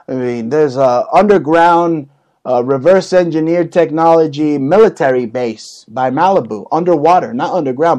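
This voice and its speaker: A man's voice: a little high, rough recording. Crude, rambling male talk show host. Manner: crude, rambling, joking rants with sudden loud bursts. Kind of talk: casual talk show banter.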